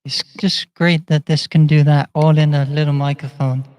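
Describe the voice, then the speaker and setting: A man's voice: on the high side, little pitch movement, moderate pace, a little mellow, clear, resonant tone. A man vlogging in a chatty, meandering way, often laughing as he talks. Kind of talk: casual rambling monologue. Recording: long echoing reverb.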